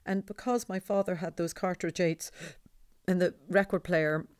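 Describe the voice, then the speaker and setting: A woman with a deep voice, a singer talking in an interview in a rambling, digressive way. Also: fairly even intonation, moderate pace, clean tone, dry recording, studio quality. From Ireland. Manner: rambling, digressive, laughs often. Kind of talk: conversational interview.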